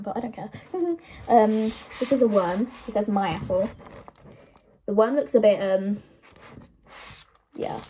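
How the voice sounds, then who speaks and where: A woman's voice: on the high side, creaky, warm tone, slight background noise. A woman chatting casually on camera through earbuds, giggling and rambling with self-mocking asides. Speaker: vlogger. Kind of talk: casual show-and-tell chat. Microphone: wireless earbuds.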